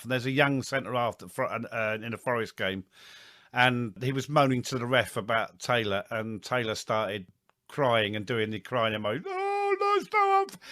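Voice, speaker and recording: A man's voice: medium pitch, sharp tone, no room sound, studio quality. A man co-hosting a casual football podcast, chatty and enthusiastic. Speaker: podcast co-host.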